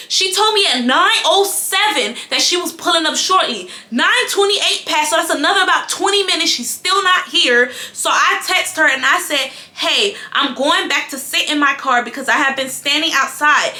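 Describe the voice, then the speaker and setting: Young woman vlogger, bright and high, animated storyteller, echoey room. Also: a little slow. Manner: animated, addresses viewers as y'all. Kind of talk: casual storytime.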